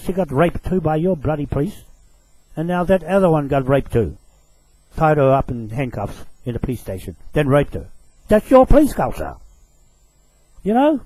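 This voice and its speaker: A man's voice: fairly high pitch, dark tone, low-quality recording. A man delivering an angry, profane rant to camera. He accuses his target directly and repeats short phrases for emphasis.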